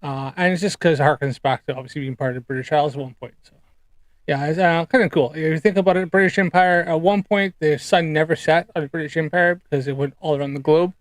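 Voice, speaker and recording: A man chatting casually on a live stream, rambling with many ums and pauses while reacting to clips. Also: fairly high pitch, fairly even intonation, dry recording. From United Kingdom.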